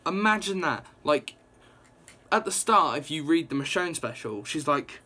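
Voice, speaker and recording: A young man recapping a comic book issue in a casual, excited ramble, full of "like" and quick reactions. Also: on the high side.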